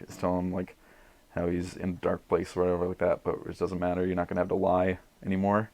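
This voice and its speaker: A young man on a podcast, casually rambling through a movie pitch with lots of fillers. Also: vocal fry, darkish tone. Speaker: podcast regular.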